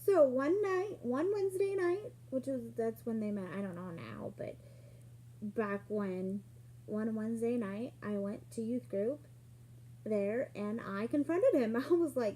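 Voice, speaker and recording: A woman telling a personal story in a casual vlog, acting out what people said with sudden jumps in pitch and loudness. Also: unhurried. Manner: animated, acts out quoted lines with sudden jumps in pitch and loudness.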